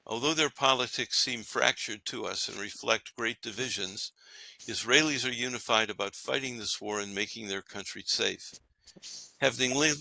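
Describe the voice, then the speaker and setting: Male host, scripted commentary, emphatic; low voice, bone-dry close sound. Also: vocal fry, sharp tone, no echo, rough recording. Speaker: podcast host. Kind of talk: read-aloud scripted commentary.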